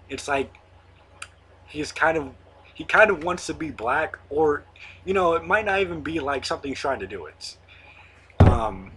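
With a fairly high-pitched voice over some background noise, this late-teen young man runs his own online show. He rambles casually to camera, using plenty of fillers and now and then a swear word.

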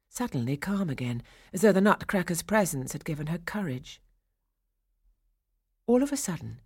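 A woman narrating a children's storybook, hushed in quiet passages and rising for the dramatic ones. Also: low voice, no room sound, studio quality. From England. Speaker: audiobook narrator.

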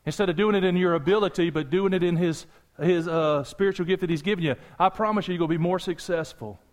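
Preaching quickly in a high-pitched voice, a pastor talks right to his congregation. He keeps it animated and conversational, mixing in jokes and side remarks.

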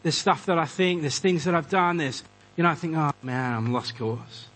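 A man delivers a lively, conversational sermon. His voice sits a little high for a man and has a husky edge. He swings between punchy build-ups and quieter asides. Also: a little fast, faint music behind, low-quality recording. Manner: animated, conversational preaching with quoted voices. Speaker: pastor.

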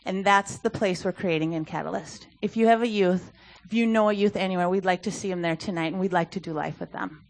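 A woman's voice: fairly low pitch, a little fast, few pauses. A woman speaking earnestly and conversationally at a church service, with frequent fillers as she talks. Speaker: youth ministry speaker. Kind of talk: sermon talk.

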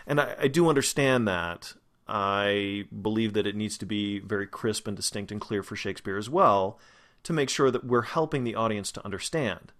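A man who is a vocal coach, giving a pronunciation lesson and slowly demonstrating single sounds and words. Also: lowish voice, fairly bright tone. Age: adult, past grad school.

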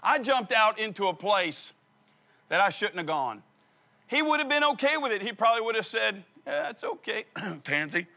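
With lively intonation and normal speed, a middle-aged man preaching recounts a funny personal story, acting out the dialogue with humor. His voice sits high and is bright and forceful.

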